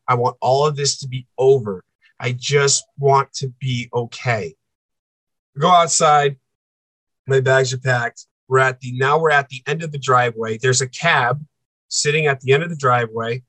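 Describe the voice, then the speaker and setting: A man's voice: mid-range voice, measured pace, a bit bright, no echo. A man as a podcast guest, telling a personal story with intensity, repeating phrases and acting out what people said. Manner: intense, repeats phrases, acts out quoted dialogue.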